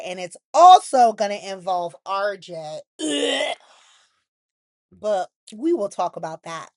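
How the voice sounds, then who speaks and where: A woman's voice: mid-range voice, dry recording. A woman hosting a soap opera recap, giving blunt, sassy commentary full of "like" and asides. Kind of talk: casual opinionated recap.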